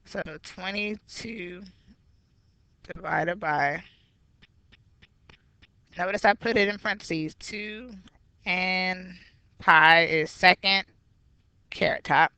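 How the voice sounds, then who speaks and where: A woman's voice: fairly low pitch, takes it slowly, pauses often, pushed and bright, smooth, no room sound. A woman math teacher walking through a geometry review step by step, patient and explanatory. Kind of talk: recorded geometry review lesson.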